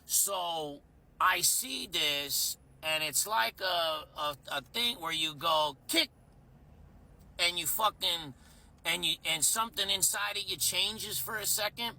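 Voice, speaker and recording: Bright-voiced profane bartender telling a story. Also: male voice, high voice, takes it slowly. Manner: profane, rambling, self-mocking. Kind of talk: casual storytelling.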